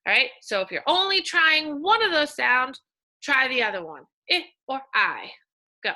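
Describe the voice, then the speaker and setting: Sing-song woman teacher, bright voice. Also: high-pitched, very animated, moderate pace. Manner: sing-song, coaxing, exaggerated sounding-out of words. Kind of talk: reading lesson for young children.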